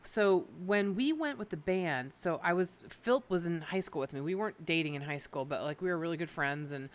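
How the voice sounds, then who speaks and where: A woman's voice: fairly low pitch, animated, brisk. A middle-aged woman co-hosting a radio talk show, telling a story in casual chat with many fillers. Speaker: radio co-host.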